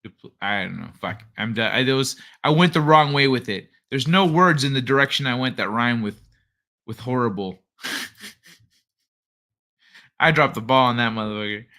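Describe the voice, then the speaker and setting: A man's voice: medium pitch, moderate pace, long pauses, pushed and bright. A young man hosting a late-night live stream, chatting casually in a rambling, profane, laid-back way. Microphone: desk microphone he adjusts.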